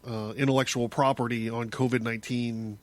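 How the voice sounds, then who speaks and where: Man, podcast host, casual solo monologue, rambling, restarts often, mid-pitched voice. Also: level tone, brisk. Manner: rambling, with many restarts and chuckles.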